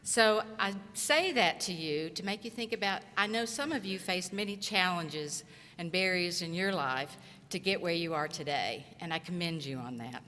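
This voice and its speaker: A middle-aged woman from southeast Tennessee giving an earnest, encouraging graduation speech at a podium microphone, in short, measured phrases. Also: on the low side, sharp tone. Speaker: commencement speaker and college instructor. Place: large auditorium. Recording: echoey hall reverb.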